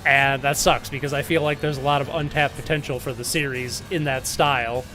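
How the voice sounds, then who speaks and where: A young man streaming retro games, chatting in a rambling, animated way with lots of filler words and frequent laughs. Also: mid-range voice, a little fast. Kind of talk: casual live-stream chat while playing. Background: faint game music.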